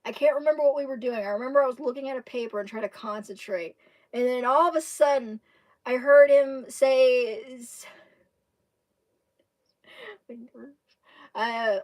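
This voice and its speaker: A woman's voice: high-pitched, a little mellow. A woman from Kentucky with a Southern accent, chatting to her livestream viewers, laughing often as she rambles through a story. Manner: laughing often, rambling with restarts and drawn-out words. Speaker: livestream host. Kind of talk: casual storytelling chat to viewers.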